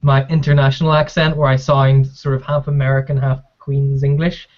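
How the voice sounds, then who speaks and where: A podcast co-host with an Irish accent, chatting casually with quick, sweary jokes. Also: mid-range voice, level tone, darkish tone. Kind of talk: casual chat. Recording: dull lo-fi podcast audio.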